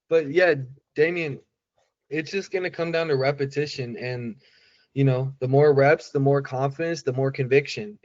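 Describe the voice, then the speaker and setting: A man's voice: medium pitch, lo-fi sound. A man giving casual sales coaching, talking loosely with lots of fillers and acting out quoted voices. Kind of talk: casual coaching talk on a call.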